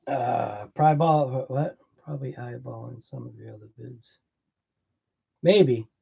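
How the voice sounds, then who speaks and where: A man's voice: medium pitch, unhurried, gravelly, slightly rough, highs cut off. A man with a Boston accent hosting a casual livestream, chatting with viewers, laughing often and rambling through explanations. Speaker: livestream host.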